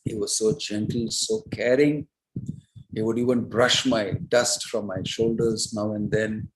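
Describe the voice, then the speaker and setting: A man's voice: fairly low pitch, steady tone, unhurried, natural voice, rough recording. A man voicing a grief-stricken young prince who asks raised, urgent questions. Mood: grieving.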